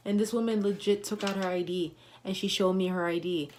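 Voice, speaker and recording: A woman's voice: medium pitch, steady tone, fairly quick, darkish tone. A woman giving a motivational livestream talk, coaching listeners with emphatic, repeated affirmations and punchy slang.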